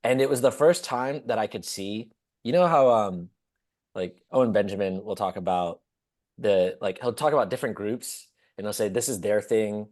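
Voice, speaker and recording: A man co-hosting a podcast, telling stories casually, laughing often and acting out quotes. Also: normal speed. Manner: animated storyteller, acts out quotes in high squeaky voices, laughs often. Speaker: podcast co-host.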